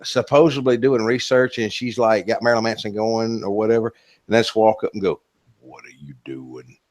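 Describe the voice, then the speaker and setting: A Southern man with a fairly low voice, talking easily on a live stream. His drawl is loose and joking, with a casual curse thrown in here and there. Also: flat delivery, a little fast, a little mellow.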